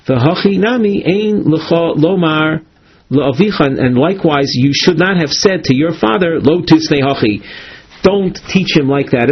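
A man with a slightly raised, husky voice gives a Talmud lesson. He chants Hebrew and Aramaic phrases slowly, then explains them in English with small restarts. The recording is dull and lo-fi. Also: a little high. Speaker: Talmud teacher. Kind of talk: Talmud class lecture.

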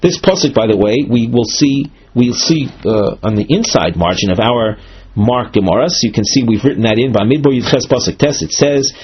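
A man giving a measured, explanatory Talmud lesson, walking through a marked text with frequent fillers and restarts. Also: medium pitch, expressive, slightly rough. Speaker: Talmud teacher. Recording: dull lo-fi recording.

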